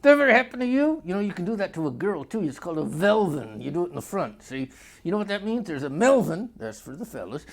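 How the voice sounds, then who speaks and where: A man's voice: high voice, big pitch swings, quick pace. Guy ranting crude jokes on his comedy vlog, voice bouncing all over, drifts into a drawl. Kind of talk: rambling comic monologue.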